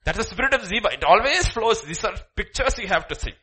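Animated preacher, bright voice. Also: male voice, high voice, quick pace, breathy edge. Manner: animated preaching, swings from soft to loud. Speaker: pastor. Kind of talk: sermon.

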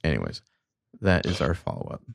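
A laid-back man co-hosts a podcast, taking his time with frequent uhs and a dry sense of humor. His voice is very low with a gravelly fry, and the sound is close and dry. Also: very animated, fairly quick, no echo. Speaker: podcast co-host. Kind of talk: casual chat.

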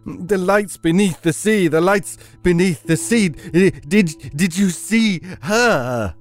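A man puts on a delirious seventeen-year-old boy for a horror radio play, raising his voice well above its usual pitch. The boy gasps and mutters in a dreamy daze, repeating himself. The sound is clean, with music playing faintly underneath. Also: slow. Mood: dazed.

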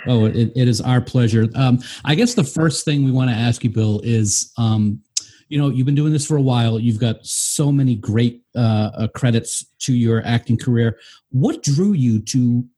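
A man hosting a podcast with a mellow, slightly husky voice. He reads an earnest introduction, stressing each item in a list, then asks questions. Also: mid-range voice, normal speed. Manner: earnest, builds up lists with emphasis. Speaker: podcast host. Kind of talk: scripted guest introduction and interview questions.

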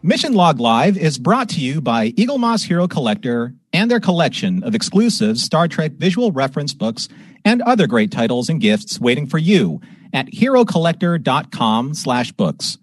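Brief: man, podcast host, mid pitch, lively anecdote teller, close dry home mic. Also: normal speed, dry recording. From Southern California. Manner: animated storyteller, puts on voices in anecdotes. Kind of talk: casual live-stream chat. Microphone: home desk microphone.

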